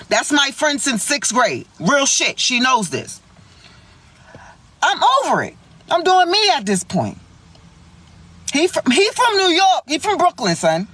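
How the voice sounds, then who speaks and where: A young woman telling a story in a vlog, animated, slangy and full of swearing. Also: high-pitched.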